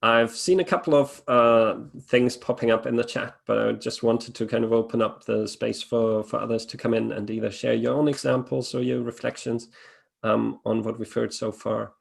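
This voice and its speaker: Man, webinar host, low gravelly voice, flat delivery, hesitant and filler-heavy. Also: normal speed. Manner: hesitant, many fillers and restarts. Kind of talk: casual webinar talk.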